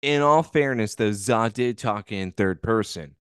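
A man with a smooth, resonant voice trades sarcastic, teasing banter in a casual podcast recap of a TV episode. He is recorded close and dry, with no room sound. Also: on the low side, measured pace, a bit bright, no room sound. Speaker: podcast co-host.

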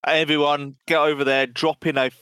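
Male co-host, relaxed and chummy, dry close sound. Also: fairly high pitch, moderate pace, clean tone, dry recording. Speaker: podcast co-host. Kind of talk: casual chat.

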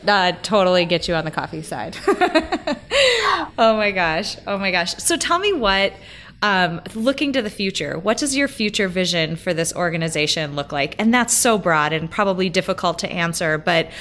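A young pregnant woman hosts a podcast in a slightly lower voice, gushing with enthusiasm. She asks questions warmly and repeats her praise. The sound is a bit dull and lo-fi. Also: animated, moderate pace. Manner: effusive, enthusiastic. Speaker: podcast host. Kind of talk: podcast interview.

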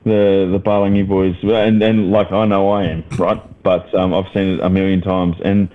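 A man's voice: low voice, level tone, moderate pace. A man co-hosting a casual podcast, blunt and swearing, often breaking into laughter. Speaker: podcast co-host. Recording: dull lo-fi sound.

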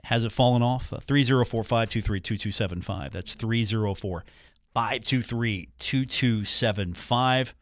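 A man's voice: medium pitch, normal speed, dry recording. Chatty male sports radio host, dry studio. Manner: chatty, joking, repeats phone numbers and catchphrases. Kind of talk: casual sports talk radio. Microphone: studio microphone.

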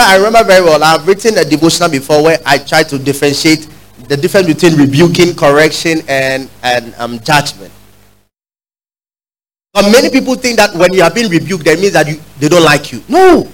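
A man preaching a sermon, urging the congregation to repeat lines after him and building to loud, emphatic peaks. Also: on the high side, low-quality recording. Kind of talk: sermon with call-and-response.

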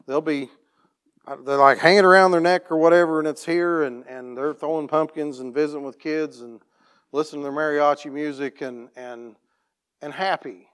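A plain-spoken man tells a church testimony story as a farm operator, restarting his sentences and clearing his throat often. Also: on the high side, fairly even intonation, normal speed, fairly bright tone.

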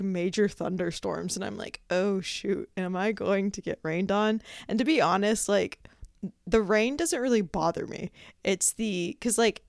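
A woman's voice: mid-range voice, clear, resonant tone, dry recording, clean studio sound. Chatty, laughing woman telling a story. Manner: chatty and self-mocking, laughs often, acts out her own thoughts. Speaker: podcast host. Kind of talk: casual storytelling monologue.

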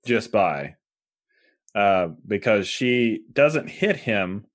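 A man's voice: lowish voice, lively intonation, very slow. A man co-hosting a podcast, laid-back in casual comic book chat, giving short agreeing replies and dry remarks. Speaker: podcast co-host.

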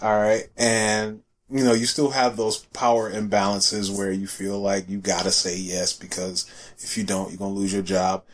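A man's voice: lowish voice, flat delivery, normal speed. A man in casual chat, telling stories loosely and profanely and mimicking other people.

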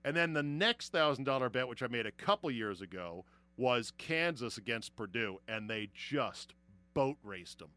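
An animated man spins sports-betting stories in a casual chat, swearing and laughing as he goes. His voice is bright and forward, and it sits at a middle pitch. The recording is dry and close-miked. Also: normal speed, dry recording. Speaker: podcast host.

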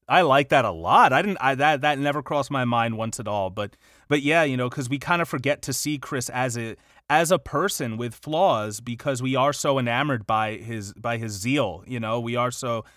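A man co-hosting a podcast in casual chat, animated and quick to laugh. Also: mid-range voice, no room sound, studio quality. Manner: animated, laughs often, tries playful accents. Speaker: podcast co-host.

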